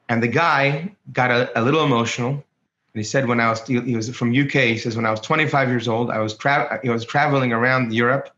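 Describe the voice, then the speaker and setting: A man, a rabbi co-hosting, telling stories in casual conversation with many restarts, acting out the voices of the people in them. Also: mid-range voice. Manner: animated, acts out quoted voices, many restarts. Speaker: rabbi, co-host. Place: home, speaking remotely. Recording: roomy, dull lo-fi call audio.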